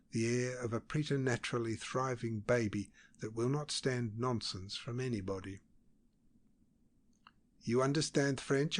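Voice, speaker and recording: A man narrating a classic novel as an audiobook, in a steady, measured reading. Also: medium pitch.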